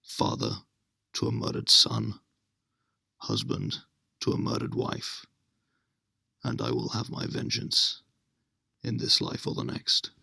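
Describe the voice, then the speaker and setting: A man doing an impression of a vengeful Roman general from a film, in a very low, gravelly, whispery growl. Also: sing-song, slow pace, pauses often, pushed and bright, no room sound, full character voice. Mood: grim. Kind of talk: dramatic film-quote impression.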